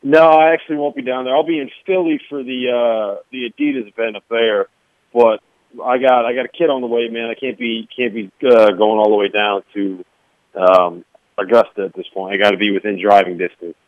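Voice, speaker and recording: A man calling in as a guest on a sports radio show, talking casually with halting restarts. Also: mid-range voice, steady tone, no echo. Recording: tinny phone line.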